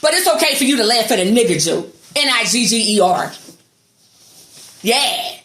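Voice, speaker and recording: A woman's voice: on the high side, lively intonation, moderate pace, a bit bright, roomy sound. A woman delivering an angry, sarcastic, profanity-heavy rant to her viewers. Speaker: vlogger. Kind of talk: angry ranting monologue.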